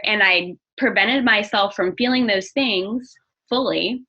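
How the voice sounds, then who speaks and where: A woman's voice: medium pitch, measured pace, slightly rough. A young adult woman speaking openly and earnestly as an interview guest, often restarting her sentences. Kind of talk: candid personal interview. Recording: dull lo-fi audio.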